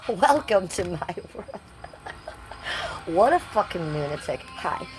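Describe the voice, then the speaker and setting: Excitable, foul-mouthed woman streaming from home. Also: fairly low pitch, slow pace, over music. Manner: rambling, excitable and profane, talking to the viewers. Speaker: livestreamer. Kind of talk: casual live stream chat. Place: at home by a window.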